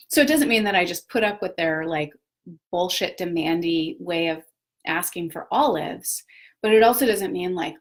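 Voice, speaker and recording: A woman's voice: lowish voice, animated, moderate pace. A woman, a parent, hosting a casual live talk on personal growth, chatty and reflective, with many fillers and self-corrections. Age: adult parent of children. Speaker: host of a live video talk.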